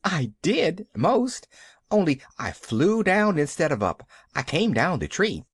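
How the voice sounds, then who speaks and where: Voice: medium pitch, sing-song, slow, breathy edge, no room sound, studio quality, pitched above the performer's own voice, exaggerated voice. A reader voicing an eager, cheerful little orphan girl. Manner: bright, eager, upbeat.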